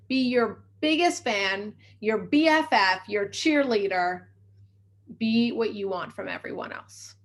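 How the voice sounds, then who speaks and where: Woman doing a self-help podcast, quick and upbeat, cheering listeners on. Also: mid-range voice, a bit bright. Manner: fast, upbeat, encouraging. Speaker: mindset coach.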